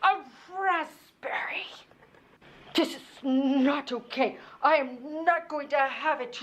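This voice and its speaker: A woman's voice: sits high, unhurried. A woman in her own online video, talking in a repetitive, singsong, dramatic way. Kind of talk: theatrical self-filmed performance video.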